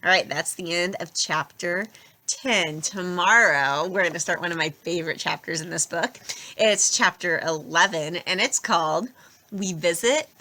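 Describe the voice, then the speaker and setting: A young adult woman reading a novel aloud with expressive, lively narration. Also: on the low side, normal speed. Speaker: storybook reader.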